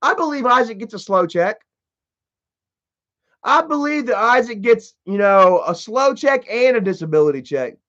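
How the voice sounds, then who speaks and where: A man's voice: very high-pitched, lively intonation, normal speed, fairly bright tone. A man hosting a livestream, talking in a casual, profane and mocking way and saying "you know" a lot. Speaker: livestream host. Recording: dull lo-fi stream audio.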